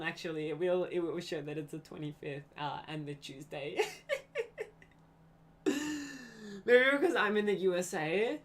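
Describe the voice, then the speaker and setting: A woman's voice: lowish voice, sing-song, measured pace, long pauses. A young woman streaming live, chatting in a rambling, scatterbrained way with frequent giggles and self-corrections. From Australia. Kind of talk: casual rambling stream chat.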